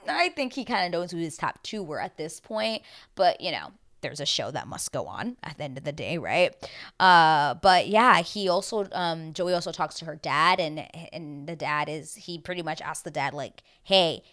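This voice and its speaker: A young woman with a low voice talks through a reality show recap in a loose, rambling way. Her speech is full of "like" and "um", and she stops to hunt for words. It sounds like casual commentary from a video host. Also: lively intonation, moderate pace, a bit bright. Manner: chatty, rambling, many fillers like "like" and "um".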